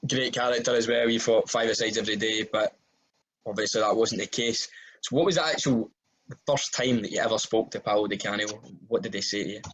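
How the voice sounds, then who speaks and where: A man interviewing a former footballer, asking relaxed follow-up questions. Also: on the low side, a little fast, low-quality recording. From Scotland. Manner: relaxed, prompting with short reactions.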